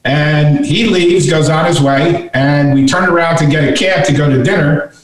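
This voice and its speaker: A man's voice: fairly high pitch, moderate pace. A middle-aged man, a guest author, telling a story in conversation and animatedly acting out the voices he quotes. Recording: echoey room, voice from far off.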